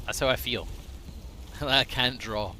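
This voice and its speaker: A man chats casually through a live game stream, self-deprecating and quick to swear. His voice is bright and forward at a middle pitch. He drifts between chatting to viewers and quietly muttering to himself. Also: slight background noise.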